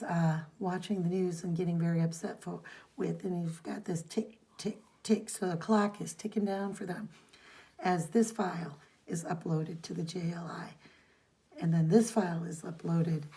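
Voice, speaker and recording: A woman co-hosting a podcast casually recaps a comic's plot, reading dialogue aloud as she rambles along. Her voice is fairly low and warm, with fairly even intonation and a measured pace.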